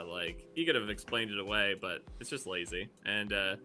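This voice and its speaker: A man's voice: lowish voice, moderate pace, bright, forceful tone. A man co-hosting a casual podcast, speaking bluntly with frequent swearing and rambling filler words. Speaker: podcast co-host.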